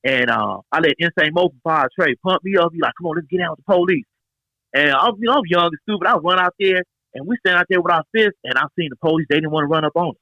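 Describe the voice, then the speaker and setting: In a casual interview, a Los Angeles man in his forties tells lively street stories, acting out the quotes. His voice is on the high side and fast with few pauses, and the recording is dry and rough.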